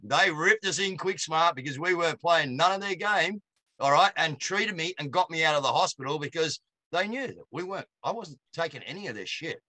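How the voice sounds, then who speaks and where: A man's voice: fairly high pitch, brisk, no echo. A man with an Australian accent, telling a blunt, colloquial story as a guest on an interview. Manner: blunt, colloquial, animated anecdotes. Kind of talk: casual storytelling.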